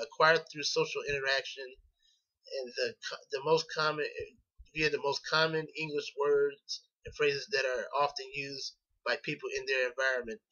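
A man's voice: medium pitch, sharp tone. A man, a graduate student, presenting a chapter for class in an unscripted way, hesitant with many fillers and restarts. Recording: dull lo-fi recording.

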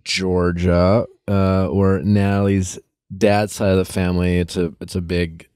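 A man's voice: low-pitched, flat delivery, a little slow, a little mellow, clean tone, no room sound, studio quality. A man hosting a podcast, telling stories in a rambling, casual way with frequent restarts and some swearing. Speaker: podcast host. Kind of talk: casual chat.

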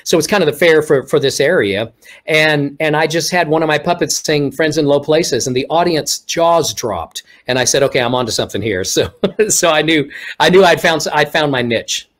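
A middle-aged man from Texas, speaking over a video call as a guest. His voice sits a little above the usual pitch for a man. He tells his stories casually, with lively acted-out quotes. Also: normal speed. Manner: animated, acts out quoted speech. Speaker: guest ventriloquist. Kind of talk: casual interview storytelling.

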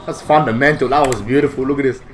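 A young man giving excitable, foul-mouthed reaction commentary. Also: medium pitch, fast, slight background noise. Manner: excitable, swears a lot, bursts of shouting. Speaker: vlogger reacting to basketball footage.

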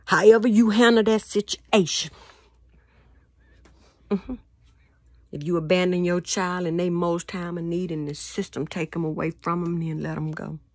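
A woman's voice: lowish voice, steady tone, normal speed, long pauses, a little mellow, no echo. A woman giving a rambling spoken monologue, repeating words and asking questions, often dropping to a whisper. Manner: repetitive, questioning, drops to whispers. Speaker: vlogger.

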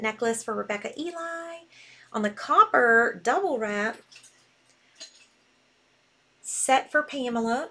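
A bubbly woman hosts a live selling stream and gushes freely. Her voice sits a touch high for a woman, bright with easy enthusiasm. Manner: bubbly, gushing. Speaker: live sale host.

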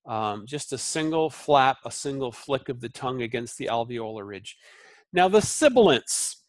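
A man teaching a recorded Sanskrit lesson, repeating syllables slowly and explaining them in a relaxed way with many fillers. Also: medium pitch, no echo. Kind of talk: recorded lecture.

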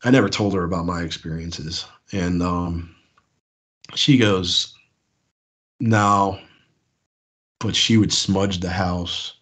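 Caller, East Coast man, husky and lowish, rambling casual storyteller. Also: steady tone, slow pace, long pauses, fairly bright tone. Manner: rambling, with many fillers and restarts. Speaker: caller sharing encounters. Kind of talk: casual storytelling on a call-in show.

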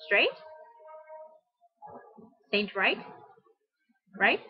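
A woman's voice: medium pitch, sing-song, extremely slow. A young woman livestreaming a game, chatting nervously, talking to her character and asking viewers which way to go. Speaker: livestreaming gamer. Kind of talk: live game commentary. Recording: dull lo-fi stream audio.

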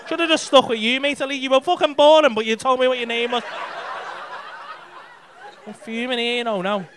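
A man's voice: very high voice, brisk, noisy background. A male stand-up comedian, doing sweary, mock-exasperated crowd work on a comedy club stage.

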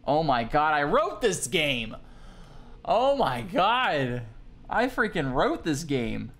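A man playing a horror game on video, joking, swearing and reacting loudly to scares. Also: on the high side, very animated, slow pace. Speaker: gaming video host. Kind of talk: horror game let's play commentary. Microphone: desk mic with facecam.

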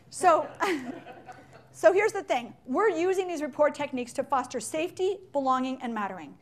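In a meeting room with window blinds, a high-voiced woman who trains people in leadership and sales leads a playful workshop. She keeps it chatty, tossing in quick asides and acting out examples.

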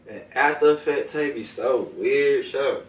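A man with a medium-pitched voice hosts a video reviewing smoking products, rambling and swearing as he talks straight to viewers in casual, slang-heavy vlog chat. He speaks unhurriedly and is recorded from a distance in an echoey room.

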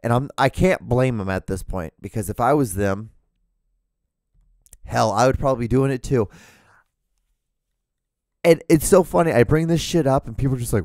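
A man's voice: medium pitch, normal speed, pauses often, a little mellow, dry recording, studio quality. A man hosting his own solo podcast, rambling through blunt, profane rants, with his voice starting to go. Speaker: podcast host.

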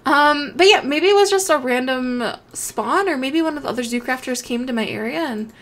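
A young woman hosting a game channel, chatting casually as she plays and gushing over animals with excitable, sweet baby-talk. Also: high voice, normal speed. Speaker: gaming channel host.

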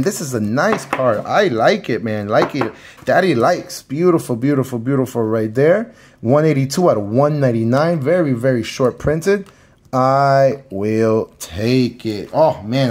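A man from Miami opening trading card packs on camera, talking casually to his viewers and repeating his words when excited. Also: medium pitch, slight background noise. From Miami, Florida. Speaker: card collector. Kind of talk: casual pack-opening commentary.

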